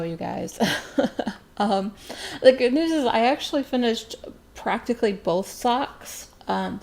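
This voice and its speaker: Chatty woman with a gravelly edge. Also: mid-range voice, darkish tone. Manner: chatty, rambling, many ums, laughs at herself. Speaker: podcast host. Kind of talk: casual knitting podcast chat.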